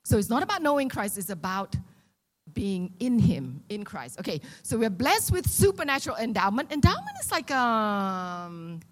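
A woman in her sixties preaching a sermon. She is animated, asks the congregation questions and drops in joking asides. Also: medium pitch, moderate pace. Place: church hall with a congregation. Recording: long reverb of a large hall.

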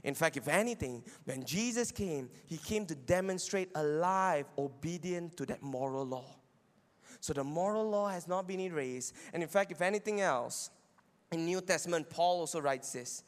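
Long hall reverb surrounds a man whose voice is a little high and animated, at a moderate pace. Giving a teaching sermon as a Bible teacher, he argues his points and often asks the listeners "right?"

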